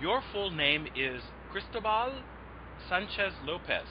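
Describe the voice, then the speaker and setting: A man's voice: high voice, animated, a little slow, noisy background. A man hosting a podcast interview, talking in a campy, flirtatious, teasing way. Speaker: podcast host. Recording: muffled lo-fi audio, faint music.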